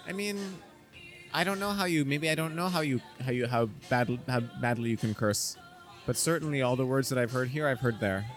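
A man, a comedian, talking in a bar in a halting, thoughtful way, searching for words. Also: medium pitch, soft background music. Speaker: comedian guest. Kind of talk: casual bar-room chat. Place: bar, indoors.

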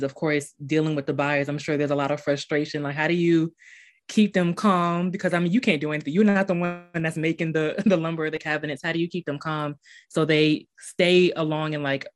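A woman hosting a podcast, chatty and rambling, with many fillers. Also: low-pitched. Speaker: podcast host. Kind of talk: casual interview chat.

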